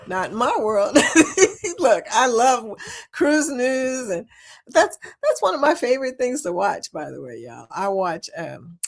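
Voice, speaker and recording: A woman's voice: fairly high pitch, big pitch swings, takes it slowly, vocal fry. A woman hosting a casual livestream, reading viewer comments aloud in a chatty way and laughing often. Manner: chatty, laughs often, keeps saying y'all. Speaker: livestream host.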